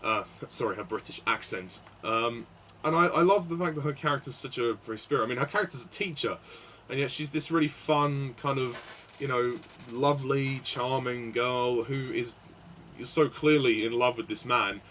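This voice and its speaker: A man's voice: mid-range voice, moderate pace, fairly bright tone, slight background noise, poor audio. A man giving a casual spoken film review, hesitant, with many fillers and restarts.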